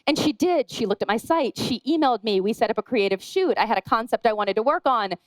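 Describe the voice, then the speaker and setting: A woman wedding photographer giving a lively conference talk, chatty and self-deprecating, acting out the people she quotes. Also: fairly high pitch, fast, dry recording, low-quality recording.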